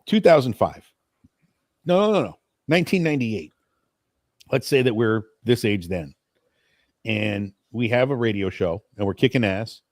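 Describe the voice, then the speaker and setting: A man's voice: lowish voice, lively intonation, darkish tone, no echo. Brash guy co-hosting a late night podcast, teasing, dry close sound. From Italian-American. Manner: teasing, brash, quick questions. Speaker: podcast co-host. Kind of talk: casual late-night chat.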